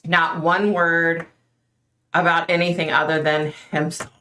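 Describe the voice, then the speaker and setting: A woman's voice: lowish voice, flat delivery, a little slow, sharp tone. A middle-aged woman hosting a casual livestream, chatting with viewers by name and talking with a skeptical edge. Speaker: livestream host.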